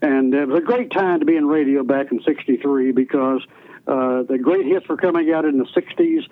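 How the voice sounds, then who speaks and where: A retired radio DJ, an older man, is a guest in an interview, telling folksy, rambling stories about his time in radio and frequently starting over. His mid-range voice moves at a moderate pace over tinny phone-line radio audio.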